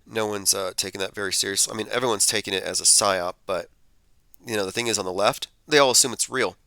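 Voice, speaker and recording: Male commentary host, casual and skeptical, lowish voice, crisp and bright. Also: fast, no echo. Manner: skeptical, conversational, thinks aloud with fillers. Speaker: podcast host. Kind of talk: casual commentary reading tweets and headlines.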